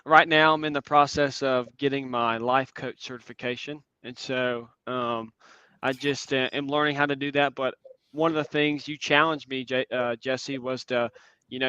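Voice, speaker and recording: An earnest young man gives a reflective conference talk, dotted with ums. His voice is bright and smooth. The audio is dry and a bit dull, like a video call. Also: mid-range voice, no echo. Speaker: guest speaker.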